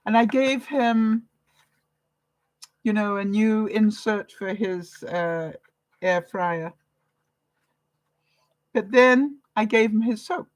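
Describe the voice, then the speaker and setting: A woman's voice: mid-range voice, dry recording, low-quality recording. An older woman from Canada chatting casually with viewers, retelling conversations and laughing often. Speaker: vlogger. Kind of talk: casual livestream chat.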